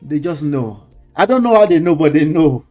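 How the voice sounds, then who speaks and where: A man's voice: on the high side, expressive, normal speed, a little mellow, soft background music. A man with a Nigerian accent hosting a casual commentary show, lecturing his viewers, repeating his points and dropping in pidgin words. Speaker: host.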